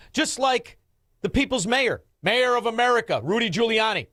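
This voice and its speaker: Combative talk radio host, lively high voice. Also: male voice, no room sound, studio quality. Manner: combative, sarcastic, ranting.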